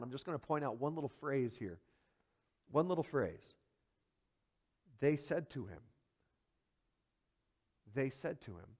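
A male pastor preaching a sermon in an animated, emphatic way, asking the congregation rhetorical questions and swinging between hushed low asides and loud high peaks.

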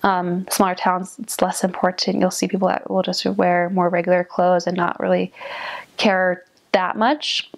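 A woman's voice: fairly low pitch, normal speed, gravelly. A young woman casually explaining a culture, speaking with lots of ums. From United States. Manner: flat, even delivery with frequent ums.

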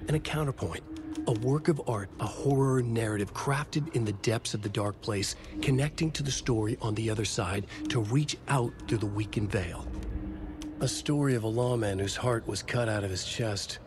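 A man's voice: on the low side, normal speed, background noise, lightly acted. A man voicing a grim, ominous horror narrator. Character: grim adult male narrator of a dark horror tale. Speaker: game narrator. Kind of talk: scripted narration.

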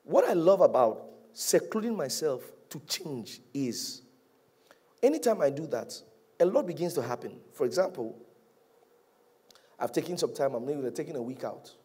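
A male pastor preaching a sermon, animated, rising to loud peaks and dropping to hushed, drawn-out lines. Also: fairly high pitch, breathy edge.

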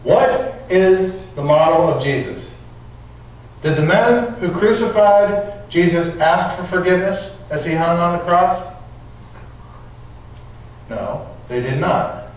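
A man's voice: high-pitched, slow, long pauses. A man preaching a sermon as a pastor, reading scripture, praying and telling stories in an earnest way. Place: church sanctuary. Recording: echoey church from a distance.

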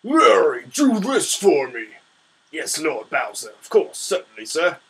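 A man's voice: fairly high pitch, very animated, measured pace, vocal fry, fairly bright tone, full character voice. A man putting on a voice for a fawning male koopa henchman in a video game, answering his lord in a mock-servile tone.

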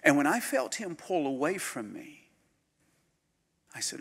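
A man, a pastor preaching a storytelling sermon that swings from loud bursts to hushed near-whispers. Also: fairly high pitch, sing-song, unhurried, creaky, pauses often, husky. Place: conference hall. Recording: live hall recording with long reverb.

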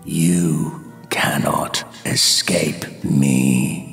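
A man voicing a malicious male demon in a low, menacing whisper, in a dark story narration. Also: steady tone, drawn-out words, gravelly, exaggerated voice. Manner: mocking, menacing. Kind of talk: audiobook-style story narration. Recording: faint background music.

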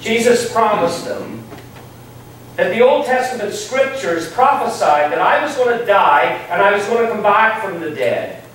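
A man, preaching a sermon with emphatic swings between loud rising lines and quiet low asides. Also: very animated, unhurried, distant mic, a little hiss or hum. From Ireland. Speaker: pastor. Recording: echoey hall, speaker off-mic.

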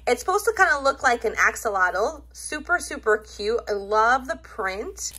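A woman's voice: fairly high pitch, big pitch swings, moderate pace, bright, forceful tone, breathy edge. A woman in her thirties gushing over toys in a casual unboxing video. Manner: gushing, enthusiastic. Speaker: toy unboxing vlogger.

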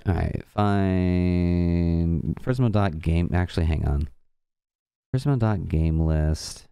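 A man's voice: low voice, slow, gravelly, mellow, clear, resonant tone, dry recording, clean studio sound. A young man hosting a programming livestream, chatting loosely and bantering with his viewers. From American South. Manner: chatty, rambling, banters with chat. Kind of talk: casual livestream chat.

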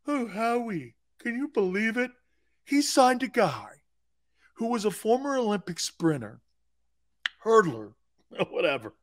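A man hosting a sports talk show, ranting with mocking disbelief. His voice sits high and swings widely in pitch. He takes his time, stretching out the words in a slow, drawn-out delivery. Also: big pitch swings. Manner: mocking and incredulous, breaking into laughter and shouted outbursts.

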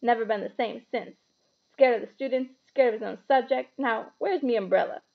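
A woman reading aloud and voicing a big, good-natured giant of a man who talks loudly and folksily. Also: very high voice, fairly quick, creaky, narrow, tinny audio. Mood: hearty. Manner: loud, hearty and folksy.

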